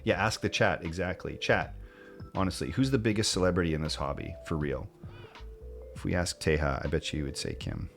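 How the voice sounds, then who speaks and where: A man streaming live, chatting casually and animatedly with his viewers and mimicking excited fans. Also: brisk, vocal fry, soft background music. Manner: animated, laughing, mimics fans in high squeals.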